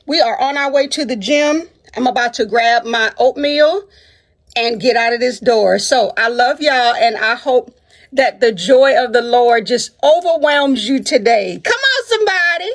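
A woman's voice: fairly high pitch, measured pace. A woman hosting a casual vlog, upbeat and uplifting, calling her viewers honey and sweetheart and cheering them on with faith-filled encouragement. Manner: sprinkles speech with endearments like honey and sweetheart. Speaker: vlog host.

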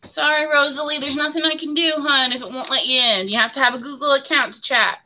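A woman's voice: high voice, steady tone, fast talker, sharp tone, a little hiss or hum. A woman hosting a live giveaway stream of her handmade soaps. She talks in a chatty, friendly way, calls viewers hon and my friend, and laughs often. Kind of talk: casual live stream chat.

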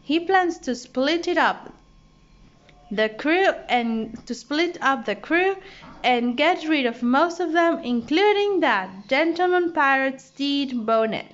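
A woman's voice: high voice, expressive, slow, voice pushed up. A woman voicing a group of worried sea turtles explaining events in a storybook reading. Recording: dull lo-fi audio.

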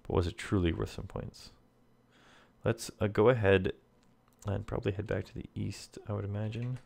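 A man's voice: on the low side, fairly even intonation, normal speed, vocal fry, darkish tone. A man playing a text adventure, reading the game text aloud and making wry asides to himself. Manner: reads game text and comments wryly to himself. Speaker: let's player.

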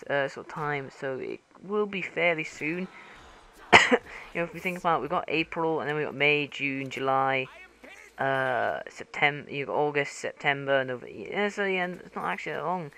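A man's voice: on the high side, animated, moderate pace, creaky, bright, forceful tone. A man gives casual, rambling game commentary into a gaming headset, full of fillers and restarts, with a cough.

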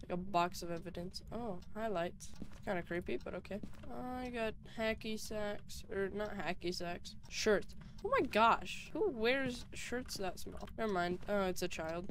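A woman's voice: medium pitch, a little slow. A young woman giving nervous, chatty commentary while playing a horror game alone, with jumpy reactions. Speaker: gaming YouTuber.

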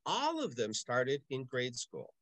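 An older man, a parish music director from Milwaukee, telling stories in a casual interview with lively, acted-out asides. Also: mid-range voice, slow pace, dry recording. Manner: animated storyteller, acts out voices in anecdotes.

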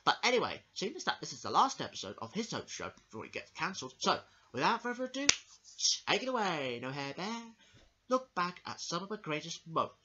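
A man's voice: fairly high pitch, big pitch swings, sharp tone, slight background noise. Rambling man hosting a puppet show. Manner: rambling, halting. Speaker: host. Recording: lo-fi home recording.

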